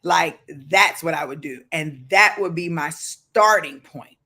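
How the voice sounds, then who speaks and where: A man with a Baltimore accent hosting a motivational livestream, reading viewer comments aloud and breaking into fervent shouts. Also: fairly high pitch, a little slow. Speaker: livestream host.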